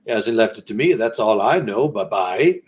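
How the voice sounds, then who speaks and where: A man's voice: on the low side, expressive, moderate pace, natural voice. A man voicing a fat, offhand businessman who shrugs off news of a death. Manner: offhand, dismissive. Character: fat, blunt, indifferent businessman.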